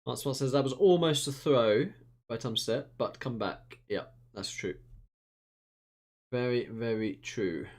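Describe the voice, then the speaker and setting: A man from near London with an Essex accent, giving lively play-by-play commentary on a strategy game match and reading out viewer chat. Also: mid-range voice, unhurried. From England, near London. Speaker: esports caster.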